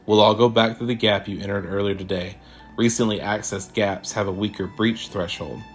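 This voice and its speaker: A level-headed, tired male companion, as a narrator plays him lays out plans flatly. The voice is low, with faint music in the background. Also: normal speed, natural voice. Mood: matter-of-fact. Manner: matter-of-fact, sighing. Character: calm male companion, practical and weary.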